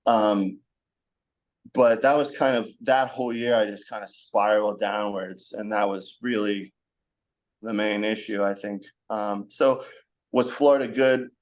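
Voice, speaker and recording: A man's voice: fairly low pitch, steady tone, a little slow. A young man as a podcast guest, talking frankly in a rambling conversational way, with many fillers. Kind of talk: candid conversational storytelling.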